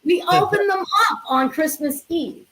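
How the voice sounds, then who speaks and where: A woman's voice: very high voice, normal speed, heavy background noise. A woman hosting a casual chat, eagerly reminiscing and explaining with fillers. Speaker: host.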